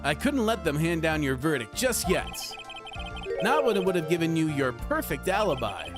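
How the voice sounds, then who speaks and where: A man's voice: a little high, sing-song, normal speed, pitched above the performer's own voice. A Canadian man voicing an earnest young male defense lawyer in a video game, reading over game music.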